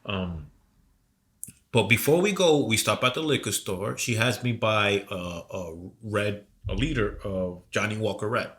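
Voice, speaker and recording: A man co-hosting a podcast, telling a long story in a rambling, profane, animated way while coming down with a cold. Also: lowish voice, measured pace. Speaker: podcast co-host. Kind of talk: casual storytelling chat.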